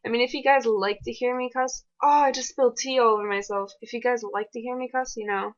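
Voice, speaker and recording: A woman giving casual, fast and excitable commentary over her own gameplay. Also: fairly high pitch, dull audio.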